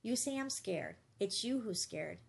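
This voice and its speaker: A woman's voice: mid-range voice, animated, a little slow, creaky. A woman doing a proud, defiant young man. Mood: reproachful. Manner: reproachful, lecturing, defiant.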